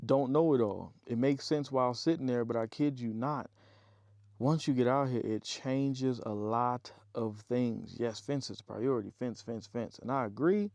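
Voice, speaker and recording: A man chats loosely to his viewers from an off-grid homestead, tired after a long stretch of digging. His voice is mellow and warm, sitting at an ordinary middle pitch. The sound is dry and close, with no room echo. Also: normal speed. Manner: rambling, talkative, addresses viewers as y'all. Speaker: homesteading vlogger. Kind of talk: casual chat to viewers.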